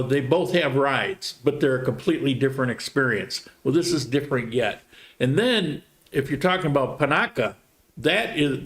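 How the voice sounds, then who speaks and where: A man in an unhurried live Q&A, chatting loosely and reading comments aloud. His voice sits at an ordinary middle pitch, and he drifts from point to point with restarts and fillers. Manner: relaxed, rambling, reads viewer comments aloud. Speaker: livestream host answering viewer questions. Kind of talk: casual live Q&A chat.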